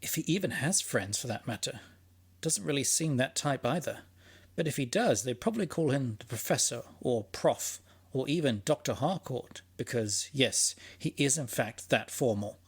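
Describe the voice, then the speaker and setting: A man's voice: mid-range voice, animated, normal speed, husky. A man hosting and narrating a fiction podcast in a scripted, conversational monologue, musing aloud with a dry, sarcastic edge.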